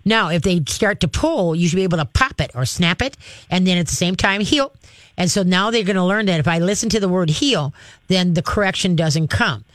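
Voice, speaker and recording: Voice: mid-range voice, a little fast, fairly bright tone, no room sound. Direct dog trainer hosting a call-in show. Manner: direct, practical and coaching, acts out commands to dogs. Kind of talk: call-in advice.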